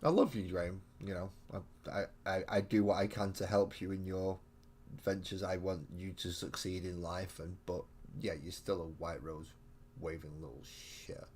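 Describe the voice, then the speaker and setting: Deep-voiced, foul-mouthed English man streaming. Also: fairly even intonation, normal speed, darkish tone, slight background noise. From England. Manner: swears constantly, blunt and mocking, rambling banter. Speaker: streamer painting miniatures. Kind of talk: casual live-stream chat with viewers. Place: home hobby room.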